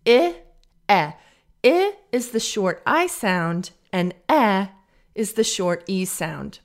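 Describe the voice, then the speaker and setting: A woman teaches pronunciation on her podcast at a very slow, deliberate pace. She stretches each vowel sound clearly and carefully so listeners can repeat after her. Her pitch moves a lot as she models each example word. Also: big pitch swings.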